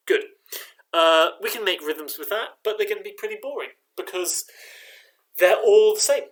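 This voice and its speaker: A man with a high, slightly bright voice leads a choir rehearsal as its director. He patiently teaches rhythm, clapping and chanting beats with drawn-out syllables for the singers to repeat.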